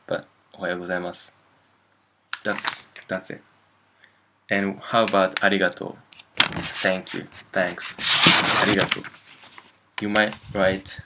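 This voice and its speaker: A man's voice: deep voice, vocal fry, fairly bright tone, poor audio. A man with a Japanese accent teaching a casual language lesson, thinking aloud and often stopping to correct himself.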